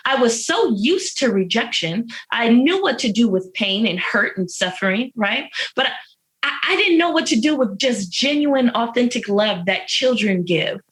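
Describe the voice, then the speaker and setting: A woman's voice: on the high side, lively intonation, moderate pace, fairly bright tone, poor audio. A woman being interviewed from jail, speaking about her life with earnest, faith-filled emphasis and repeated phrases, moved close to tears. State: emotional. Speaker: interview guest, incarcerated mother. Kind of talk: heartfelt personal testimony.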